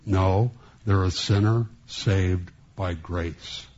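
A man preaching a sermon as a pastor, speaking in a halting way with many restarts and flashes of sarcasm. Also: deep voice, warm tone, lo-fi sound.

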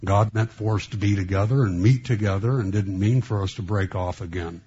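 A man preaching a sermon as a pastor, speaking in a halting way with many restarts and flashes of sarcasm. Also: on the low side, dark tone, husky, lo-fi sound.

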